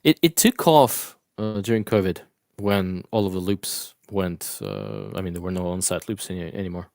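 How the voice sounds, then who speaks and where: A man co-hosting a live interview coaching session, reading viewer questions aloud and answering them in a relaxed, casual way. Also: low voice, normal speed, gravelly, no echo.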